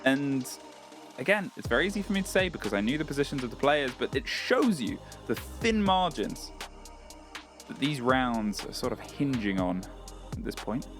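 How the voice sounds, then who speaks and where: A man's voice: medium pitch, sing-song, normal speed, a bit bright, soft background music. Dry-witted British man breaking down plays. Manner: dry teasing wit. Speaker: esports analyst. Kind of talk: broadcast analysis and banter.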